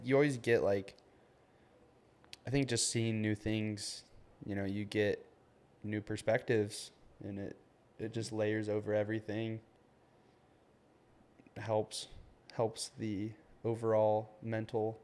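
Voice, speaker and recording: A man's voice: lowish voice, darkish tone. A man in his twenties co-hosting a podcast, chatting casually and loosely, with lots of "like" and "man". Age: 20s. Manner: loose and rambling, heavy on "like" and "man". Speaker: podcast co-host. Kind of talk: casual chat.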